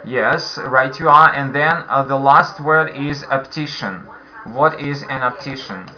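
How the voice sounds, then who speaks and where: A man's voice: medium pitch, a little slow, pushed and bright. A man with a Russian accent teaching a beginner English class online, patiently repeating questions for his learners. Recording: dull lo-fi online call audio.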